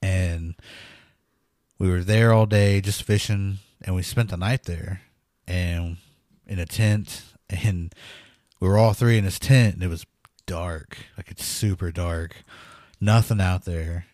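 A man's voice: sits low, slow pace, no echo, clean studio sound. A man co-hosting a podcast, recounting an eerie memory with nervous laughs and quoted dialogue. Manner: animated storyteller, laughs nervously, acts out quotes. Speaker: podcast co-host. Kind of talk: casual storytelling chat.

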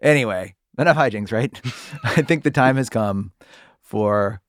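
A man's voice: fairly low pitch, unhurried. A man hosting a podcast, teasing his co-hosts in playful banter. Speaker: podcast host. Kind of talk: casual banter.

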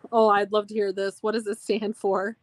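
A woman's voice: medium pitch, measured pace. A woman from Minnesota chatting wryly as a podcast guest, laughing easily. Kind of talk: casual podcast chat.

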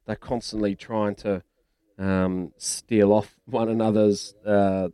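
A man's voice: on the low side, little pitch movement, slow, mellow, clear, resonant tone, no echo. A man with a New Zealand accent co-hosting a radio sports show, chatting casually in a matey, rambling way.

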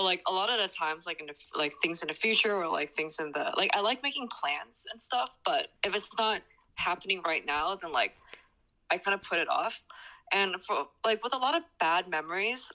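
Young woman musing casually, bright voice. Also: lowish voice, poor audio. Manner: reflective, hedging with many likes. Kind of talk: casual chat.

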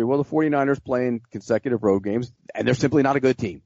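A man giving blunt, halting picks as a sportswriter in casual podcast chat. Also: mid-range voice, warm tone, no room sound. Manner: blunt, halting, restarts often. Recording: dry dull lo-fi podcast audio.

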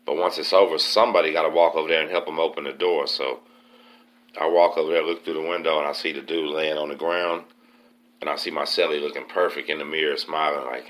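Guy telling jail stories, really low voice, streetwise and cussing a lot. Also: fairly quick. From Texas. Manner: streetwise, profane, animated retelling. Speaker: podcast host. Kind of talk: casual storytelling.

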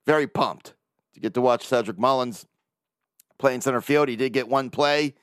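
A man hosts his own sports podcast solo, talking casually and ranting with lots of swearing and frequent laughter. His mid-range voice is smooth at a moderate pace, in a dry, studio-quality recording.

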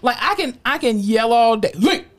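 A woman in her thirties co-hosting a podcast, telling stories in casual chat, animated and profane, acting out quotes. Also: a little high, moderate pace. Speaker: podcast co-host.

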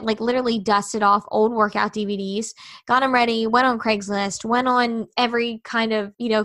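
A woman in her thirties with a bright, forceful voice sitting slightly high, talking as a podcast guest. She tells her own story casually and candidly, acting out past conversations, and the sound is close and dry. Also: dry recording.

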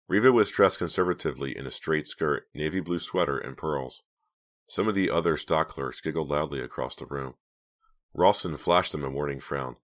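Man, very deep voice, audiobook narrator, steady measured reading.

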